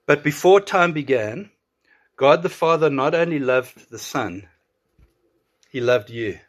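A man preaching a sermon, earnest and emphatic, slowing to draw out key words. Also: mid-range voice, lively intonation. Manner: earnest, with emphatic drawn-out pauses. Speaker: pastor.

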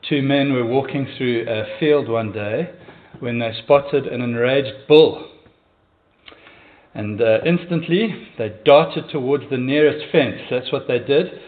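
A man's voice: medium pitch, slow pace, narrow, tinny audio, slight background noise. A man preaching a sermon in a church as pastor, in an earnest, conversational manner with hesitations.

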